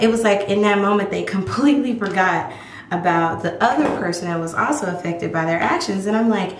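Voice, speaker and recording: A woman's voice: mid-range voice, expressive, fairly quick. A woman in her thirties telling a personal story to camera in a candid, emphatic way. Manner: candid, emphatic, acts out quoted voices. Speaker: vlog host. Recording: echoey room with clear background noise.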